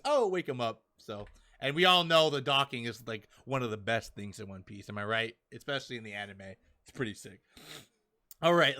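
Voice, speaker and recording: A young man hosting a podcast, chatting casually and excitedly as he talks through a manga chapter, often acting out characters' lines. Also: fairly high pitch. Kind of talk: casual chat.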